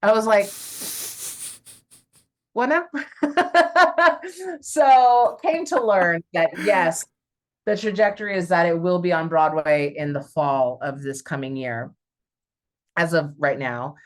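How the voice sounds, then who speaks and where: Low-voiced chatty woman telling stories. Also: a little slow. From Southern California. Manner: animated, chatty, with frequent fillers. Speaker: stage actor, interview guest. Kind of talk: casual conversational storytelling.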